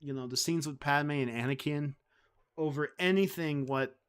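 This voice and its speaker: A man's voice: a little high, moderate pace, clear, resonant tone. A man hosting a live stream, talking casually in a rambling, heated way with many restarts. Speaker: streamer host.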